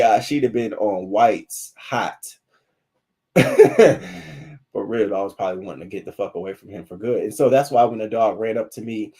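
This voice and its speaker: Guy hosting a live stream, low-ish voice, swears a lot, keeps talking to the chat. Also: slightly rough. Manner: animated and profane, with frequent asides to viewers. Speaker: livestream news commentary host. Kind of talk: casual livestream commentary.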